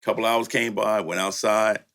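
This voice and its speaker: A man's voice: lowish voice, steady tone, normal speed, a bit bright. An older man, a music producer, tells stories in a laid-back, casual way, laughing often and saying "you know" a lot. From Louisiana and San Francisco. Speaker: music producer and studio owner. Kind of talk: storytelling in casual conversation.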